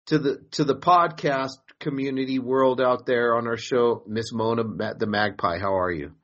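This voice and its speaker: A man's voice: mid-range voice, normal speed, fairly bright tone, highs cut off. A man hosting a podcast in a casual, profane, joking way, rambling between topics. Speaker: podcast host.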